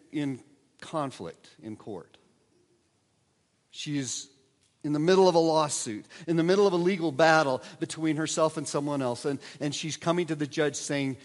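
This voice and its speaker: A man preaching a sermon as pastor, lively with wry asides and frequent restarts. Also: a little high. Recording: long reverb of a large hall.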